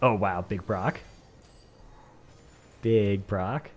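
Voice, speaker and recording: A man's voice: lowish voice, extremely slow, darkish tone, husky, soft background music. Rambling Northern Californian male streamer. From San Francisco Bay Area. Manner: rambling, says "like" a lot. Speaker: livestreamer. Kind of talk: casual chat with viewers.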